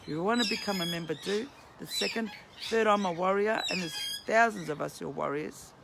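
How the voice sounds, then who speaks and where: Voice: medium pitch, fairly quick, gravelly. A vlogger ranting heatedly outdoors, swearing and pleading with a strained voice that is starting to give out. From Australia. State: voice strained and going. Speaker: vlogger and counsellor. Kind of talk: emotional ranting vlog. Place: outdoors near a duck pond. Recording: loud birds and outdoor noise. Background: loud birdsong and quacking.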